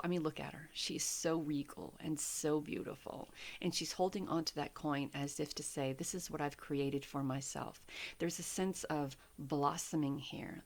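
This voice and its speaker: A middle-aged woman giving a pick-a-card tarot reading, soft-spoken and unhurried, with frequent fillers. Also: sits low. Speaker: tarot reader.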